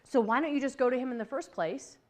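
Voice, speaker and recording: Lively woman giving a motivational talk. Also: high-pitched, fast talker. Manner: lively, chatty, laughs easily and acts out quoted voices. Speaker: speaker on workplace communication.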